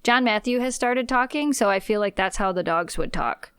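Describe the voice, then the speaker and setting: Woman, podcast co-host, giggly, smooth clear voice, dry close sound. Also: medium pitch, normal speed, dry recording. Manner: giggly, animated storytelling. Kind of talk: casual podcast chat.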